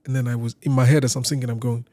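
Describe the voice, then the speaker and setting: A man from Nigeria, a singer on a podcast, telling casual stories in a lively way and acting out other people's lines. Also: mid-range voice, racing. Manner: lively anecdote teller who acts out other people's lines. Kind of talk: casual storytelling chat.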